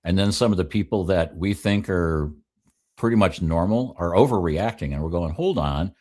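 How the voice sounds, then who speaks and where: A man's voice: low voice, normal speed, a little mellow. A man on a casual political talk panel, wry and joking, often laughing at his own remarks. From Oregon. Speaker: regular panelist.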